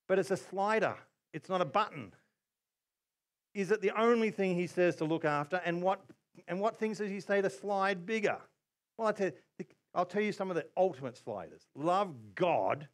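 Male pastor, animated sermon delivery, lively and fairly high-pitched. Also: normal speed. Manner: animated preaching with acted-out quotes.

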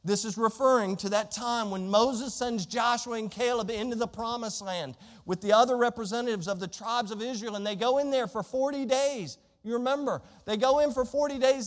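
A man's voice: extremely high pitch, normal speed. A man preaching a sermon as pastor, emphatic, reading scripture aloud in a church. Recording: long hall reverb.

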